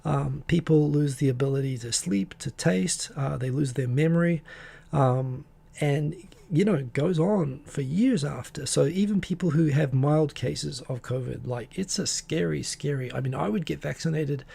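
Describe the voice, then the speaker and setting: Gravelly husky guy rambling on his live stream, greeting chat names, dark mellow tone. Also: on the high side, normal speed. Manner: rambling, reads viewer names aloud.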